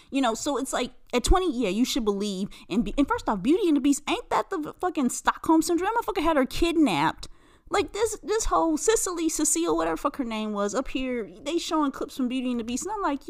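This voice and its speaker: A woman hosts a solo podcast, ranting in casual chat. She talks bluntly and sarcastically, swearing freely. Her voice swings widely in pitch, shooting up whenever she is incredulous. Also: fast talker. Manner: animated, pitch jumps high when incredulous. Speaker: podcast host.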